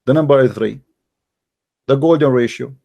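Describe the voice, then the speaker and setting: A man hosting a debate, pressing with rapid repeated questions. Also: mid-range voice, creaky, dark tone. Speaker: debate host. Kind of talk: live call-in debate.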